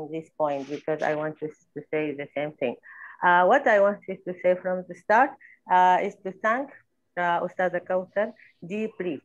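A woman whose first language is Arabic, speaking haltingly in English with Arabic phrases mixed in, in an online group discussion. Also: on the low side, highs cut off. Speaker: discussion participant.

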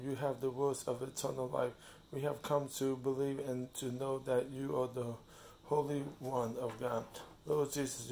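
Man, home vlog, gravelly, flat-toned, unhurried halting reads, a little noise in the room. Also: medium pitch. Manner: slow, halting reading with restarts; fond, soft talk to his cat. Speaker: vlogger reading a devotional. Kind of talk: casual home vlog with devotional reading.

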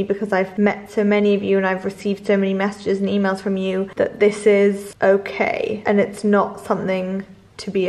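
Young female vlogger, mid-pitch, casual and open, home camera audio. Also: darkish tone. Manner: open, confiding, chatty with many "like" fillers. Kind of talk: candid casual vlog talk to camera. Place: at home in her flat.

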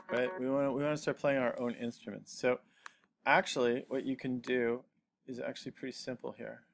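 Gravelly man giving a casual tutorial. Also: mid-range voice. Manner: casual, rambling, checks in with "okay?". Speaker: teacher. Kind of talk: screencast software tutorial.

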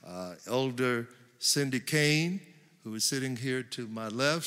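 Man preaching, bright forceful tone, emphatic drawn-out stresses, long church reverb. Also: medium pitch, slight background noise. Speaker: pastor. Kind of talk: sermon. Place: large church hall.

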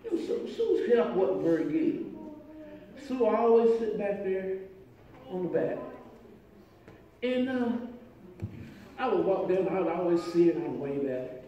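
A man, preaching a sermon as pastor, telling a story and moving between quiet talk and shouting. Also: sits high, sing-song, a little slow, long pauses, dull audio. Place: church sanctuary. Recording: echoey church room from far off, faint noise.

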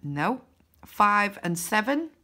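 A woman's voice: mid-range voice, very animated, slow pace, bright, forceful tone. A woman giving casual commentary as she scratches cards, counting numbers aloud with little cheers and groans. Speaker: scratch card vlogger.

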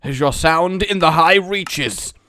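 A man hosting a gaming video with casual, jokey commentary, often excited and laughing. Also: on the high side, takes it slowly, dry recording, clean studio sound. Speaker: gaming channel host.

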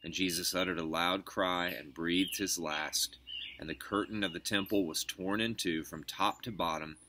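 Pastor, male, very low bright voice, steady scripture reading outdoors, faint birdsong behind. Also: moderate pace, slight background noise. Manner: steady reading, lifting voice for quoted speech. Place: back porch outdoors at home. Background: birds singing.

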